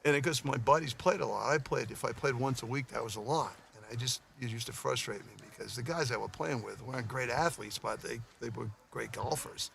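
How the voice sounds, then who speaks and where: Gravelly man telling a funny story. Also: medium pitch, a little fast, hardly any pauses, fairly bright tone, slight background noise. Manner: self-deprecating, chuckling storyteller. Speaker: coach. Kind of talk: casual anecdote-telling. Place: outdoors at a golf course putting green.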